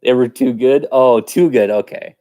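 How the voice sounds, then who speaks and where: A man's voice: medium pitch, moderate pace, warm tone. A man casually chatting with viewers on a live stream, playful and chatty, often breaking into giggles. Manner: giggly, keeps breaking into laughter.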